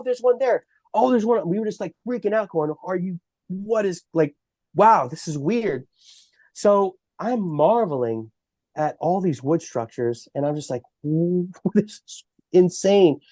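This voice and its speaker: A man with a Texan accent tells his story in an animated, halting way. He often restarts his sentences, and his voice sits a little high for a man. The sound is dry and close, with no room around it. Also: no echo. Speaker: bigfoot researcher guest. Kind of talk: storytelling in a podcast interview.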